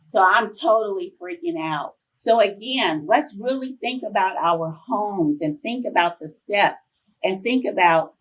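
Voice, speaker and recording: A woman in her fifties, a professor giving a conference talk, telling chatty, animated personal stories to the audience. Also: medium pitch, a little slow, husky, recorded from a distance, poor audio. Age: 50s. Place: conference room.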